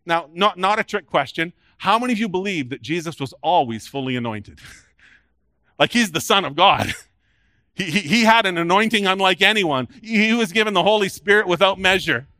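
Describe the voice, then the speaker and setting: Male pastor, high bright voice, dry sound; earnest sermon delivery with big hush-to-loud swings and stuttered restarts. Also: lively intonation, a little fast, no room sound.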